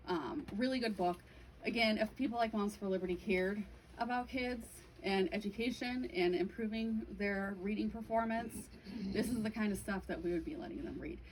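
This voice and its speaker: A woman's voice: fairly low pitch, a little mellow, a little hiss or hum, poor audio. A young adult woman giving a casual presentation to an audience, chatty, with frequent "um" and "like". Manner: chatty, many fillers like "um" and "like". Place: bookstore event room.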